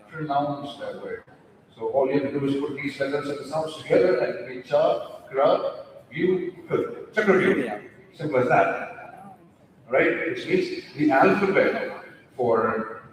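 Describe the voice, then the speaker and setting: Man, echoey hall. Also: a little high. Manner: explanatory, quizzing the audience with rhetorical questions. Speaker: pronunciation coach. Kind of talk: stage talk. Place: large auditorium stage. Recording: echoey hall, mic at a distance.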